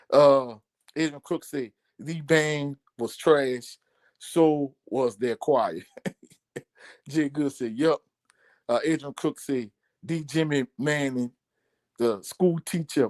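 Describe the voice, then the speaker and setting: A man's voice: a little high, no echo, clean studio sound. A man hosting a casual sports live stream, reading viewer comments aloud, laughing often and talking loosely with many fillers. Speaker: sports show host.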